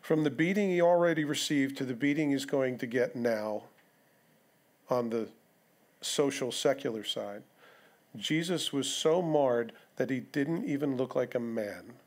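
A man's voice: mid-range voice, a little slow. A male pastor preaching an expository sermon, conversational, with rhetorical questions and asides to the congregation. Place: church sanctuary.

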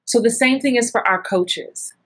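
A middle-aged woman giving casual advice as an acting coach, animated and full of acted-out asides. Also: normal speed, breathy edge. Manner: animated, acts out little scenes with big jumps in pitch.

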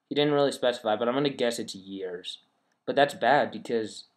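Man, gaming commentary, thinks aloud, chatty and rambling, middle pitch. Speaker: gaming channel host. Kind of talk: casual game commentary.

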